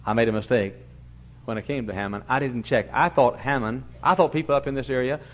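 An older man preaching a sermon in a church, telling stories and swinging from booming shouts to low, quiet asides. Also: fairly quick. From Texas. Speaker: pastor. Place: church sanctuary. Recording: dull lo-fi recording.

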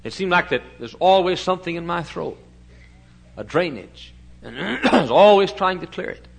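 A male pastor preaching a fiery revival sermon. He moves from soft, hushed storytelling to loud, thundering preaching, and he stretches out scripture verses for emphasis. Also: high-pitched, animated, moderate pace, vocal fry, slightly rough.

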